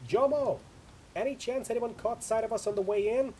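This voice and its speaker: A man's voice: a little high, lively intonation, fast, darkish tone, a little hiss or hum, lightly acted, low-quality recording. A man voicing a tough female mercenary leader in a video game, giving clipped, urgent orders. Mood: urgent, commanding.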